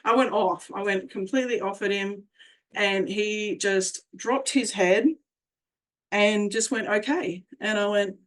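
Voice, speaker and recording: A woman's voice: medium pitch, steady tone, takes it slowly. A woman guest in an interview, telling a personal story in a candid, emphatic way and swearing freely. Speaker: interview guest, survivor advocate.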